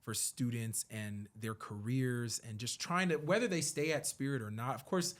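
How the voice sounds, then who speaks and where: Male podcast guest, animated storyteller, earnest, acts out dialogue. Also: medium pitch, normal speed. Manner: earnest and reflective when talking about his work and faith. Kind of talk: conversational storytelling.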